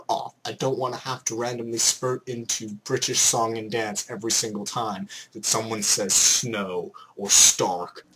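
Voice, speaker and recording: A young man from Canada ranting excitedly in a vlog, slipping into mock voices as he goes. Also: medium pitch, slight background noise. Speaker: vlogger.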